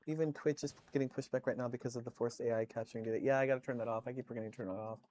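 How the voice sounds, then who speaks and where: A man's voice: mid-range voice, steady tone, very fast, darkish tone, dry recording. A man streaming, chatting casually with viewers, telling rambling stories full of swearing and fillers.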